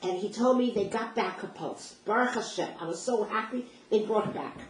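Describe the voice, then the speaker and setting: A woman's voice: medium pitch, normal speed. Older woman telling a story in a roomy space. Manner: vivid, emotional retelling with reenacted dialogue. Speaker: speaker sharing personal memories. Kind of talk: first-person storytelling. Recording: roomy distant mic with faint noise.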